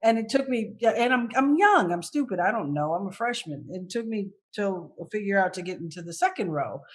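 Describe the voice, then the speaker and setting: A woman guest telling candid personal stories in an interview, animated and acting out her past thoughts. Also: medium pitch, brisk.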